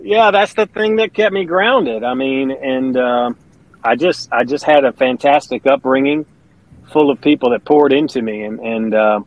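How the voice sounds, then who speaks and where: This middle-aged Kentucky man, a country singer and pastor, tells stories as an interview guest in an earnest, chatty manner. His voice is mid-range at a moderate pace, and the audio is dull with no echo.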